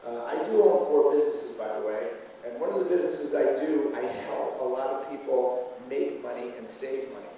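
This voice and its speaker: A man's voice: medium pitch, moderate pace, vocal fry, mellow, a little hiss or hum. Man giving a punchy speech in an echoey hall. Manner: punchy, rhetorical, asks the crowd questions. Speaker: motivational speaker. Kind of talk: motivational speech to a live audience. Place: conference hall. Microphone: room recording from far off. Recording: echoey hall, recorded from far off.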